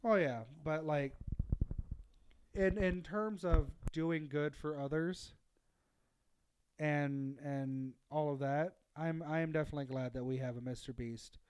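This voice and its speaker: Ranting man with a smooth voice. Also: a little high, fairly even intonation, a little slow, darkish tone, rough recording. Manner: emphatic ranting with heavy swearing. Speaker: podcast co-host. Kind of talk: casual chat.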